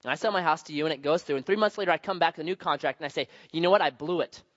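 A man's voice: on the high side, racing, no echo. A male pastor teaches from scripture in an easy, conversational tone. He leans into key words with sudden bursts of emphasis. The recording sounds slightly muffled. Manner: conversational, emphatic, varies loudness for stress. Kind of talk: sermon with anecdotes.

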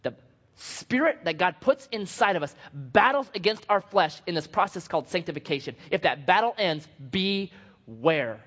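A man preaches in a church sanctuary, his voice a touch high and very lively, swinging from loud bursts to hushed asides. The sound is a little dull and lo-fi. A long hall reverb trails behind his words. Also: normal speed. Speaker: pastor. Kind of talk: sermon.

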